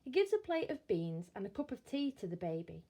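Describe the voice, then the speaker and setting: A woman reading a bedtime story aloud in a slow, expressive storytelling manner. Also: medium pitch.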